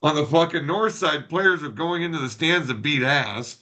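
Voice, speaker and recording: A man's voice: a little high, lively intonation, moderate pace, sharp tone. A man telling a rambling, profane story on a casual podcast and acting out the quotes. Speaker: podcast co-host.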